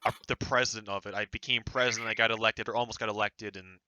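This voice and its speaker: A young man in his late teens telling stories in casual podcast chat, animated and laughing, acting out others' lines mockingly. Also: on the low side, quick pace, slight background noise, poor audio. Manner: laughing, animated storytelling with mocking quoted voices.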